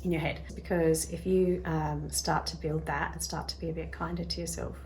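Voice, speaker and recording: A woman's voice: deep voice, level tone, normal speed, a little hiss or hum. A woman hosting a self-help video, talking casually to camera and acting out little voices as she explains. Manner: chatty, acts out little voices in quotes; drops to a soft, quiet tone at times.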